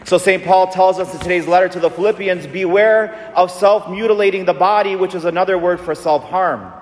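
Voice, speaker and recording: Male pastor, high voice, emphatic call-and-response sermon, reverberant church hall. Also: fairly quick. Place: large church.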